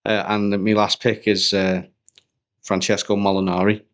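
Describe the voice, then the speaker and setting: A man's voice: fairly low pitch, little pitch movement, moderate pace. A young man, co-hosting a casual podcast chat in a rambling, slangy way. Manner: chatty, rambling, slangy banter. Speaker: podcast co-host.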